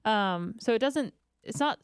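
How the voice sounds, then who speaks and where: A woman co-hosts a radio talk show and thinks out loud in a casual, chatty way. Her pitch moves around a lot. The studio sound is dry and close. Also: lively intonation, a little slow, clear, resonant tone, no echo. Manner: chatty, musing aloud. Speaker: radio co-host. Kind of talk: casual chat.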